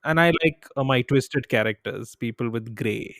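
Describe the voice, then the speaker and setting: A man's voice: medium pitch, moderate pace, a bit bright, dry recording, clean studio sound. A man co-hosting a quiz podcast, playfully thinking aloud through his answers. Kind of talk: casual quiz chat.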